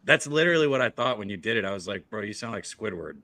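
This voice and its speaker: A male guest analyst on a betting show who speaks bluntly and loves to tease. His voice is on the low side but bright and forceful. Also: big pitch swings, fast talker. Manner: blunt, teasing. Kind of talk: casual sports betting talk.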